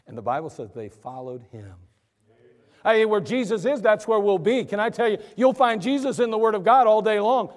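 High, lively-voiced preaching man. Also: moderate pace, long reverb tail. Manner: emphatic, conversational preaching that acts out listeners' objections. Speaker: pastor. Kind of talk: sermon. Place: church.

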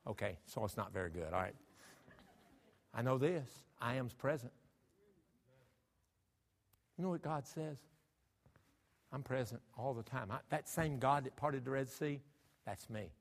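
A man's voice: medium pitch, animated, a little slow, vocal fry, pauses often. A man preaching a sermon, emphatic and full of rhetorical questions to his congregation. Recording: long hall reverb.

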